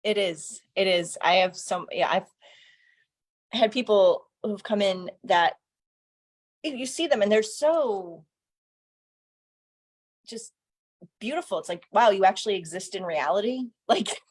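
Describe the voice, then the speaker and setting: A woman's voice: medium pitch, slow, pauses often. A woman photographer talking as a guest, enthusiastic and laughing often as she acts out what people say. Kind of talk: casual conversation.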